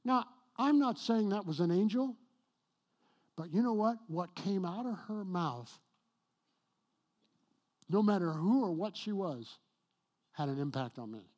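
A middle-aged male pastor preaching a sermon, telling a personal story with a husky voice that swings from hushed to loud and emphatic. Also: sits high, animated, a little slow, pauses often.

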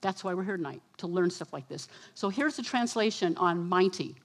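A woman's voice: fairly low pitch, moderate pace. A woman preacher giving a sermon, telling a vivid story and acting out the voices of the people in it. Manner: animated storytelling, quotes herself and others.

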